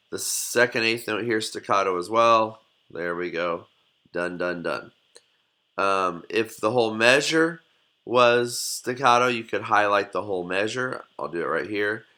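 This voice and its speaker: Bright-voiced man teaching a software tutorial. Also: lowish voice. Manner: relaxed, folksy, step-by-step instructions. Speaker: music teacher. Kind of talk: screen-recorded software tutorial.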